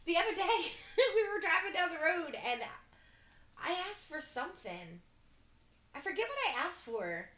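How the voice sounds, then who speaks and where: A woman's voice: very high-pitched, big pitch swings, moderate pace, sharp tone, echoey room. A woman in her forties chatting casually, telling stories with frequent laughter. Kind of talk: casual chat.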